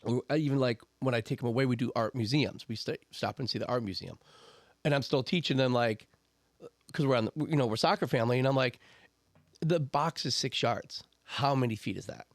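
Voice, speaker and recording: A man of middle pitch speaks as a guest on a casual podcast. He is earnest and emphatic, often repeating himself to drive a point home. The recording is dry and close, with no room sound. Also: fast, dry recording. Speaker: podcast guest, soccer coach and homeschooling father. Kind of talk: casual chat.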